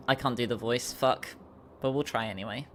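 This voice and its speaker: A woman streamer with a naturally low voice, chatting self-consciously with many fillers while recording lines. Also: normal speed, slight background noise.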